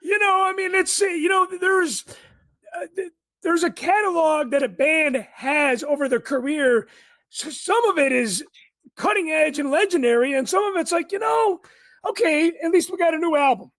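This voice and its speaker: A man who is a guest on a podcast, chatting casually in a raspy voice like a bassy sound through a blown speaker, loud and emphatic, often swearing. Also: normal speed, no room sound, studio quality. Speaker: podcast guest and fellow podcast host.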